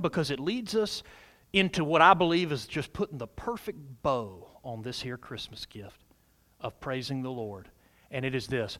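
A man preaches a sermon as pastor, with an animated call-and-response delivery. His voice is high for a man and leaps up and down in pitch.

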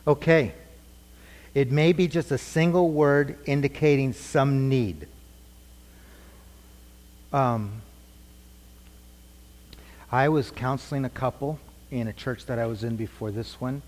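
A man's voice: medium pitch, steady tone, slow, pauses often, a little mellow. A middle-aged man teaching a church group conversationally, asking questions and repeating their answers. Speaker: preacher teaching a class. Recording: long hall reverb.

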